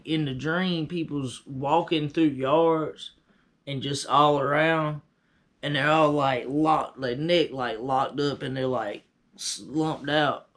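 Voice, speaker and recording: A man casually recounting a vivid dream in a slangy, animated, conversational way. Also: on the high side. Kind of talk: casual personal storytelling.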